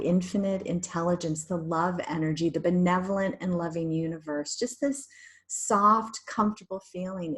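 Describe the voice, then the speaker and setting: A woman hypnotherapist leading a guided meditation in a soothing, drawn-out way, with breathy sighs. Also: on the low side, fairly bright tone.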